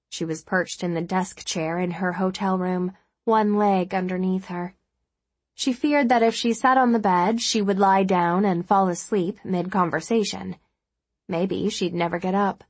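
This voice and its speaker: A woman narrating a novel as an audiobook, in a steady, measured storytelling manner. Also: mid-range voice, no echo. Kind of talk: scripted narration.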